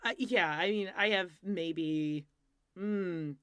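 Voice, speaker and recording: A woman's voice: on the low side, takes it slowly, fairly bright tone, clear, resonant tone. A woman co-hosting a podcast in casual gossip chat, blunt and joking, full of "like" fillers. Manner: chatty, frequent "like" fillers, blunt jokes. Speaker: podcast co-host.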